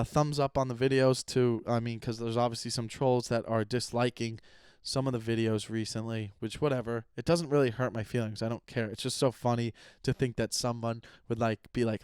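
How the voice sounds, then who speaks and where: Smooth-voiced man in casual podcast rant. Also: medium pitch, fairly even intonation, normal speed, darkish tone, dry recording, studio quality. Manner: rambling, profane, venting. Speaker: podcast host. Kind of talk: casual solo podcast chat. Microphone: close podcast microphone.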